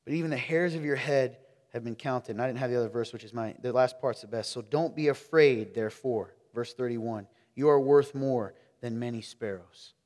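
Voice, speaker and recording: Male pastor, animated sermon delivery, shifts loud to hushed, mid-pitched voice, long hall reverb. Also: moderate pace. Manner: animated, swings between loud exclaiming and hushed intimacy. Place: church sanctuary.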